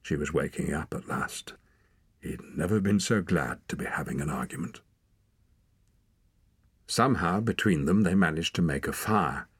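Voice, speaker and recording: Deep raspy guy reading a story, expressive, calm. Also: normal speed, long pauses, dry recording, studio quality. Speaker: audiobook narrator. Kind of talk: scripted narration.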